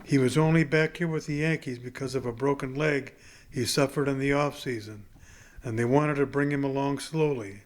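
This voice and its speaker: A man narrates a novel chapter aloud in a plain, unhurried delivery. His voice sits at an ordinary middle pitch. He reads the scene straight, without putting on any show. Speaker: audiobook reader.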